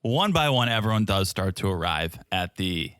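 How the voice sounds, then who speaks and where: A man's voice: sits low, big pitch swings, normal speed, fairly bright tone, clear, resonant tone, dry recording. A man co-hosting a podcast in casual chat, wry and teasing with dry jokes. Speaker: podcast co-host. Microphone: podcast microphone.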